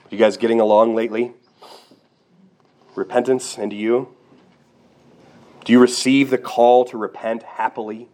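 A man's voice: on the low side, darkish tone. A man preaching a sermon, earnest and direct, asking his listeners rhetorical questions. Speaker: pastor.

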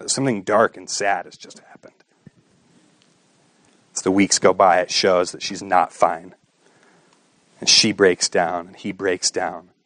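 A man preaching a sermon with impassioned delivery, asking rhetorical questions and swinging between hushed and raised passages. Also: low-pitched, level tone, a little slow, long pauses, no echo. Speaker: pastor.

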